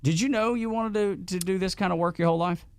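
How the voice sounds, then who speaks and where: A man's voice: sits high, quick pace, clean tone. A man hosting a casual interview, folksy and joking. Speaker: podcast host.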